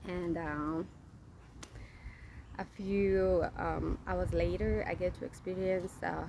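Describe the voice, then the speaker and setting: A woman's voice: fairly low pitch, steady tone, slow pace, creaky, dark tone, a little hiss or hum. A young woman casually telling her birth story to viewers, chatty and direct.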